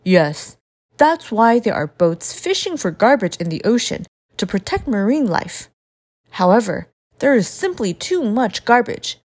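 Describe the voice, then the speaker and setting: A woman's voice: a little high, very animated, unhurried, a little mellow. Woman voicing a kindly seagull police officer. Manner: polite, explaining patiently. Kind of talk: storybook character voice.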